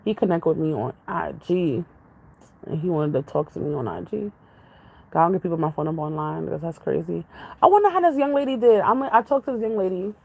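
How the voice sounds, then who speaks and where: A woman vlogger with a low, creaky voice and darkish tone chats casually with her viewers on a low-quality recording. She rambles, laughs often, and hops from one topic to another.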